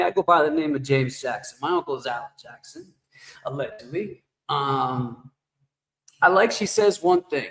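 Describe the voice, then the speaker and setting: A man's voice: medium pitch, animated, normal speed, a bit bright. Rambling joking man with echo effect. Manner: rambling, joking, talks back to chat. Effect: shower-like echo effect. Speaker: livestreamer. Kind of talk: casual livestream chat with viewers. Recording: echoey reverb effect on voice.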